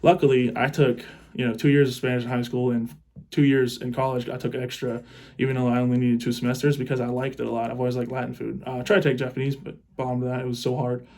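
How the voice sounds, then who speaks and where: A man's voice: medium pitch, flat delivery, fast talker, dark tone. Rambling young man telling a crude story. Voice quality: rambling and crude, with frequent laughs. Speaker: teacher. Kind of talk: casual comic storytelling.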